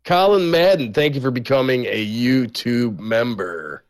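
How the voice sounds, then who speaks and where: A man co-hosting a live stream, reading viewer gifts and messages aloud in a relaxed way and laughing along. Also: medium pitch, unhurried. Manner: reads names and donations in a plain, laid-back way, laughs often. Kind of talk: casual live-stream banter.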